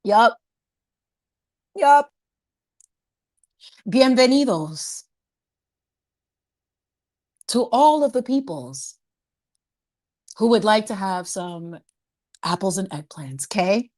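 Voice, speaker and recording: A woman's voice: medium pitch, animated, slow, pauses often, darkish tone. A woman hosting a casual livestream chat, playful and sassy, laughing often and dropping in Spanish words. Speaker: livestream host.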